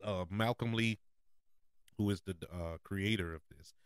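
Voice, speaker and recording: A man's voice: on the low side, measured pace, smooth, no room sound, studio quality. A man hosting a casual movie preview show, chatty and often laughing. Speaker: podcast host.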